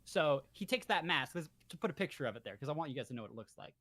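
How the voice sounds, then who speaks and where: Young man, slightly high voice, rambling jokey recap, dry close sound. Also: lively intonation, sharp tone, no echo. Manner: rambling, jokey, acts out characters in quick asides. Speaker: podcast host presenting slides. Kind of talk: casual comedic recap.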